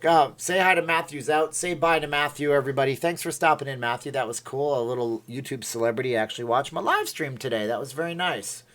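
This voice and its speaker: A man's voice: mid-range voice, fast talker, hardly any pauses, a bit bright. Chatty middle-aged man hosting a livestream. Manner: playful, rambling, laughs at himself. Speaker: livestream host. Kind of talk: casual livestream chat.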